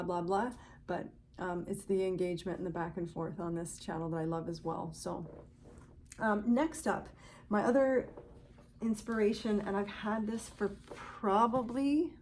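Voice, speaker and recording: A woman's voice: mid-range voice, darkish tone, slight background noise. A woman hosting a knitting podcast, chatting casually to viewers in a gushing, grateful way.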